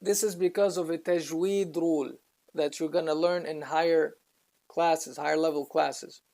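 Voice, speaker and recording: Gravelly-voiced man teaching Quran reading. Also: fairly high pitch, fairly even intonation, a little mellow. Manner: patient, explains slowly, recites Arabic words between explanations. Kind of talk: step-by-step recitation lesson.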